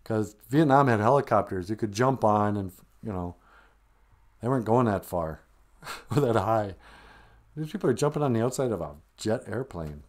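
A man's voice: on the low side, lively intonation, normal speed, darkish tone. A man hosting a live stream, chatting casually in a jokey, teasing, rambling way.

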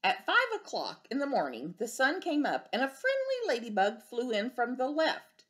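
A woman preschool teacher reading a picture book aloud to young children, gentle and expressive, asking them questions. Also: on the high side, normal speed.

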